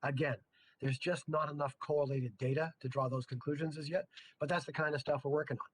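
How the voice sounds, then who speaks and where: A man's voice: fairly high pitch, steady tone, fairly quick, slight background noise. A middle-aged man teaching a chemistry class in a casual, joking way, full of chatty asides. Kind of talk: casual lecture.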